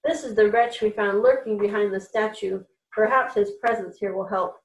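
A woman's voice: medium pitch, fairly even intonation, normal speed, recorded from a distance, lightly acted. A woman doing a fawning, cruel royal scribe. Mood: officious. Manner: formal, officious. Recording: echoey room, voice off-mic.

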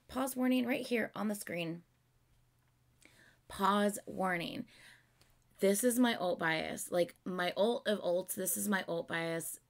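Excitable woman with a gravelly voice. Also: mid-range voice. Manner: excitable and gushing, keeping her voice down. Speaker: reaction video host. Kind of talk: casual music video reaction. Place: home, early morning.

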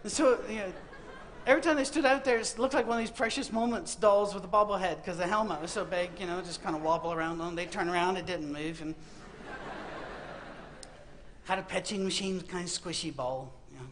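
A middle-aged man with a high-sitting voice talks fast, with some chatter behind him and slight background noise. In a university auditorium he preaches a humorous sermon, animating Bible stories with funny asides and performed quotes.

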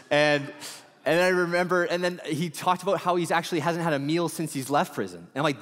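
A male pastor preaching a sermon in a conversational, storytelling way, full of quick asides. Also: mid-range voice, fairly bright tone, long reverb tail.

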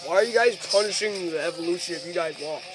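A man's voice: high voice, fast talker, over loud music, poor audio. A man improvising wrestling commentary and restarting his sentences often. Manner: stumbling, restarting announcer talk. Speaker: play-along wrestling commentator.

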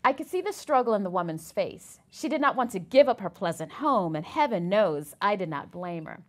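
A woman's voice: medium pitch, very animated, a little fast. A woman reading a memoir excerpt aloud in a lecture, telling the story expressively.

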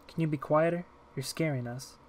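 A man voicing a timid eight-year-old girl who talks softly and quietly in an audiobook reading. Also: on the high side, a little fast, lightly acted. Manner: soft and hushed.

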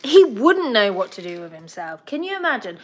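A woman's voice: a little high, big pitch swings, brisk. A young woman hosting a casual livestream about her pet bird, chatting and giggling as she talks to the bird and the viewers. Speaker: pet bird channel host.

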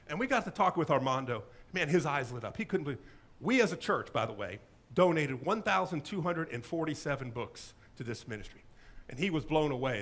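A male pastor preaching a sermon in a church, telling a story with lively acted-out quotes. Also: a little high. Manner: animated storytelling, acting out quoted voices. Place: church sanctuary.

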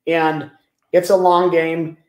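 An animated man tells business stories in a fairly high voice, often repeating words as he goes. The sound echoes as if in a bare room, and he comes across as a guest answering an interviewer. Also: slow pace.

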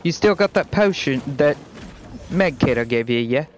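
Brash, foul-mouthed gamer guy doing a hammy fake British accent on a headset, pitched a bit high, faint noise behind. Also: lively intonation, moderate pace. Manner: exaggerated put-on British accent, calling people mate and wanker; brash, abrasive, swears constantly. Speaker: gamer playing with random teammates. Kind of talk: profane gaming banter over voice chat.

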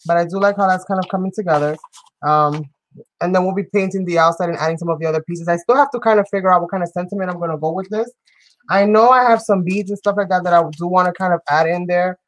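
A woman's voice: lowish voice, fast, no echo, poor audio. A woman hosting a live crafting show, chatting playfully with viewers as she works and often breaking into giggles. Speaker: crafting channel host. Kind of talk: live crafting demonstration chat.

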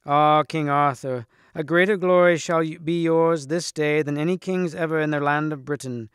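A man's voice: on the high side, steady tone, normal speed, a bit bright, clear, resonant tone, dry recording, natural voice. Weeping storybook damsel, pleading, a male reader puts her on, dry close sound. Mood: grieving. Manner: pleading, sorrowful. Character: tearful young damsel on horseback.

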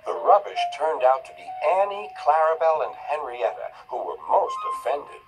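A man narrating a children's story in a storybook style, with a lively telling voice that acts out the characters. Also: a little high, normal speed, poor audio. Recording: clip played with music underneath. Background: background music.

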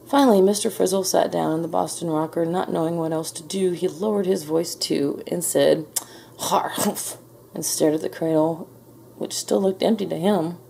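A woman reading a children's picture book aloud in a gentle, measured storytelling manner. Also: fairly low pitch, creaky, a little hiss or hum. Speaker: storybook reader. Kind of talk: children's read-aloud narration.

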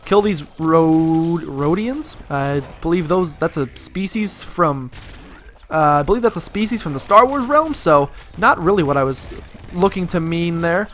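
A man's voice: on the high side, animated, measured pace, a bit bright, slight background noise. A man with a slightly raised voice talks through a video game run. He rambles through loose tangents and pokes fun at his own play as he goes. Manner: rambling, self-deprecating, jokey asides. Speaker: let's play commentator. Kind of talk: casual gameplay commentary.

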